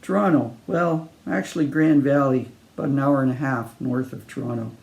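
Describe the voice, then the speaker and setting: A man's voice: medium pitch, steady tone, normal speed, vocal fry, a little mellow, lightly acted. A man voicing a downhearted, lost traveller who answers in a gloomy, polite way.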